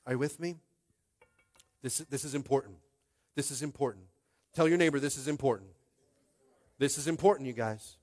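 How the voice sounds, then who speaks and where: A young man preaching a sermon as pastor, conversational and animated, calling out to the congregation. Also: medium pitch, moderate pace, long pauses.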